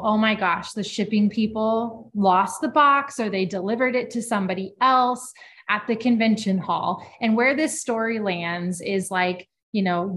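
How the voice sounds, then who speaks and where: A woman co-hosting a podcast, telling a personal work story in a casual, lively way with many filler words. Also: mid-range voice, slight background noise. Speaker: podcast co-host.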